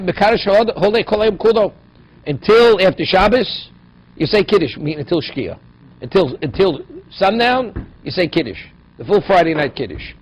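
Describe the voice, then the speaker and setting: A man's voice: sits high, breathy edge. Man teaching Talmud. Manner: explains Aramaic phrases in English, asks "right?" often. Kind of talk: daily Talmud class. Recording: dull lo-fi recording with faint noise.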